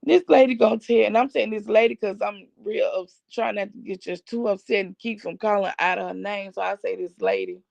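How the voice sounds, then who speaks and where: A woman's voice: mid-range voice, steady tone, brisk, gravelly, hardly any pauses, a little mellow, no room sound. A middle-aged woman hosting a family channel, chatting to viewers and retelling what people said to her in a long story. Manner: chatty, retells others' words with "I said, he said". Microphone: streaming setup. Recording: dull lo-fi dry stream audio.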